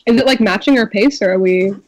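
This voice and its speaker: A woman's voice: mid-range voice, fast, no echo, low-quality recording. A woman playing a tabletop game, talking casually and laughing easily. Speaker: player. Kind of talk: casual chat.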